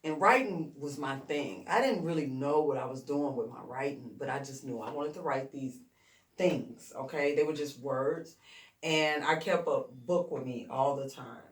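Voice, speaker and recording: A profane, animated woman rapper from Chicago's west side tells her story in an interview. She sits at a distance from the mic, and her voice bounces around a roomy, echoing space. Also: extremely low pitch, normal speed.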